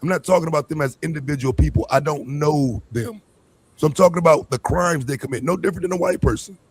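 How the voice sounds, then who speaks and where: Hombre ronco a la defensiva. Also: male voice, fairly high pitch, fast, slightly rough, no room sound. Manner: defensive, insistent. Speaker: guest in a debate stream. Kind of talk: heated argument.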